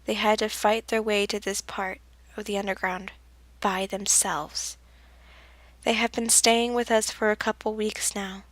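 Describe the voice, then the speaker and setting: A woman reading her own story aloud in the first person, soft-spoken and often dropping to a whisper. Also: medium pitch, flat delivery, unhurried, dry recording. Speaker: fanfiction reader.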